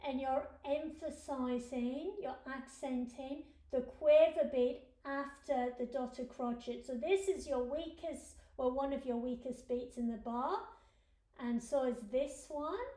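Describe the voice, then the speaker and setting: High-voiced, unhurried woman piano teacher. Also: dark tone. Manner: patient, explaining step by step. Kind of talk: instructional lesson. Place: room with a piano. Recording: roomy echo with faint piano.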